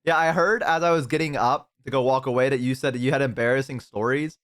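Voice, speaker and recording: A young man with a medium-pitched voice talks quickly on a live stream, chatting casually with a guest and his viewers. He's an animated storyteller who acts out stories by mimicking different voices.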